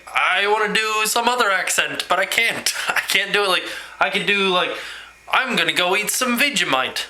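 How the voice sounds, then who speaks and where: A man talking in a rambling, animated way in a casual home video blog, quick to laugh. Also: high-pitched, poor audio. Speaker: vlogger. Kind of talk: casual vlog chat.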